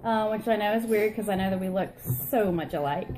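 A woman's voice: medium pitch, a little fast, noisy background. A woman co-hosting a casual vlog, from Florida, telling a rambling, chatty story about herself and her sister. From Florida, USA. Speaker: vlog co-host. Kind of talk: casual chat.

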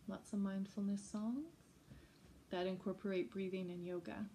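A woman music educator giving a gentle, chatty teaching talk to teachers and parents. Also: medium pitch, flat delivery, moderate pace, a little hiss or hum. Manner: gentle, chatty, breaks into short sung examples. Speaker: early childhood music educator.

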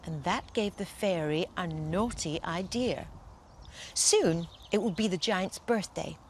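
A woman reading a bedtime story aloud in a gentle, expressive storytelling manner. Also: lowish voice, takes it slowly, slight background noise.

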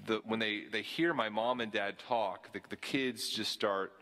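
A pastor from the Southern US, with a slight Southern accent, preaches a sermon earnestly, often repeating words as he restarts his phrases. His voice is lowish and sharp in tone, and he speaks unhurriedly.

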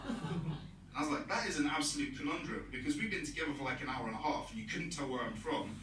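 A man's voice: on the high side, fast talker, background noise. British man doing stand-up in a roomy club. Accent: British English. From Britain. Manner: rambling, self-mocking, acts out quoted dialogue. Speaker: stand-up comedian. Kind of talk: stand-up comedy set. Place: comedy club stage. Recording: roomy club sound from a distance. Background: audience laughter.

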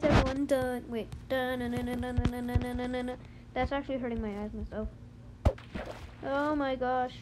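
A high-voiced young gamer chatting casually and humming little tunes while playing on a phone. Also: background noise. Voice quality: high-pitched voice. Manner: chatty, rambling, with playful sing-song humming. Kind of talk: casual let's-play commentary.

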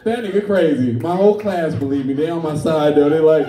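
A man's voice: fairly high pitch, a little fast, warm tone, reverberant, distant mic, slight background noise. A man doing a brash, profane stand-up comedy set, telling stories. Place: comedy club stage.

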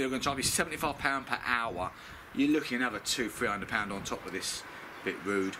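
This middle-aged British man, a DIY car mechanic vlogger, talks bluntly through a home car service, swearing freely as he goes. His voice sits a little high, with background noise, and the talk is casual how-to commentary.

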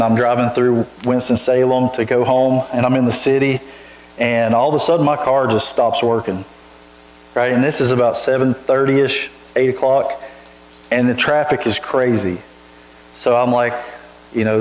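A man, a pastor, telling a personal story in a sermon, animated and quick to laugh, with frequent restarts. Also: mid-range voice. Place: church sanctuary. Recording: echoey church room.

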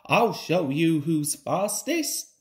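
A man's voice: on the high side, sing-song, slow. A man voicing a proud, boastful old male steam engine in a storybook reading.

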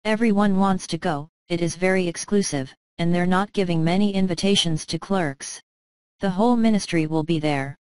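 A woman's voice: on the low side, moderate pace, smooth, dry recording, close to an everyday voice. Woman reading a meek, eager clerk husband. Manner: stammering, anxious to please. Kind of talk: storybook reading.

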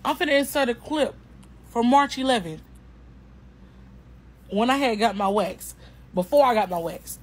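A woman's voice: a little high, expressive, moderate pace, long pauses, breathy edge, poor audio. A woman chatting emphatically to her viewers in a casual testimonial vlog, repeating herself and speaking in an informal, slangy way. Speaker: customer sharing a product testimonial.

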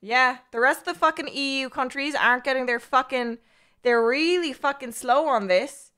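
A young woman from Ireland streams live in a high-pitched voice that's bright, forceful, clear, and resonant, at normal speed. Casual and blunt, she swears all the time and goes off on rambling asides to her chat.

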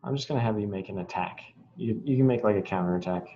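Low-voiced young man running a game. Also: dark tone. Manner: casual, quick to laugh, improvising rules on the fly. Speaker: game master. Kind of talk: running a tabletop game over a video call. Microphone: video call. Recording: muffled video-call audio.

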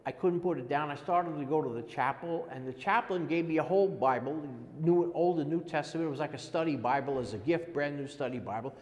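A man in his sixties, an interviewee giving a halting, earnest personal testimony and often repeating words as he goes. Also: a little high. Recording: long echoey reverb.

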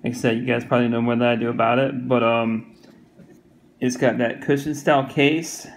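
Southern male reviewer, gravelly, flat delivery, rambling casual talk. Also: medium pitch, normal speed, low-quality recording. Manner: rambling, repeats himself, many fillers. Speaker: watch reviewer.

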